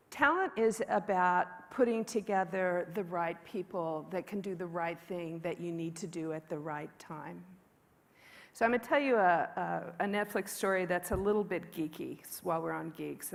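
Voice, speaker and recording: A woman's voice: fairly low pitch, vocal fry. A woman giving a conference keynote, telling work stories in a candid, joking, conversational way on a stage microphone. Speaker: keynote speaker. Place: large conference hall. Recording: long hall reverb from stage.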